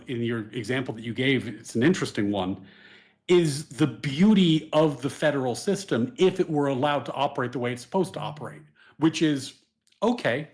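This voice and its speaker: A man who is a guest on a livestream, discussing politics in a thoughtful, measured way with occasional swearing, over a video call. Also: mid-range voice.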